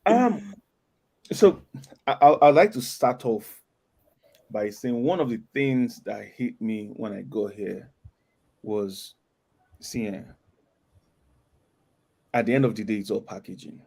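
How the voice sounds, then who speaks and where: A man speaking slowly and deliberately as a guest on a webinar panel. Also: lowish voice, vocal fry, darkish tone, slightly rough. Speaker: guest speaker, advertising copywriter.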